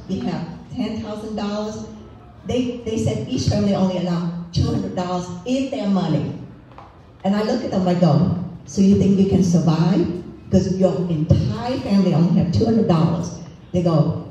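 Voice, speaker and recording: A woman's voice: mid-range voice, warm tone. A woman from Vietnam, a political candidate, telling a story in broken English as part of a campaign speech. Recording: echoey room from far off, faint noise.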